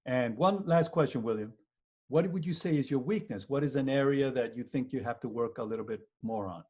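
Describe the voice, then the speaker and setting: A man teaching law in an online webinar, animated and joking, often repeating words and acting out people. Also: mid-range voice, fairly quick, husky. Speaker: law professor. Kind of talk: lively webinar lecture. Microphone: video call. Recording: muffled webinar audio.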